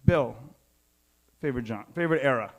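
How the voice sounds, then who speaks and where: A man's voice: medium pitch, a little fast. A man doing stand-up on a live stage, chatting loosely with the crowd and laughing at his own jokes. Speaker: stand-up comedian.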